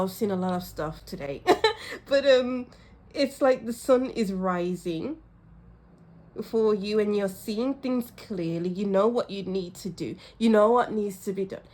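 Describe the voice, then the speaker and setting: A woman's voice: medium pitch, darkish tone. A woman giving a casual pick-a-card tarot reading, effusive and emotional, laughing often as she talks straight to the viewer. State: teary at times. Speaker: tarot reader.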